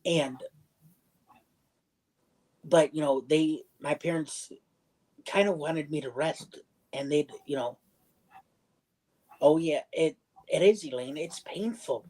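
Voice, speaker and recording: A man's voice: a little high, slow, long pauses, darkish tone, low-quality recording. A young man telling a personal story in casual livestream chat. He rambles, circles back, restarts sentences and acts out other people's lines.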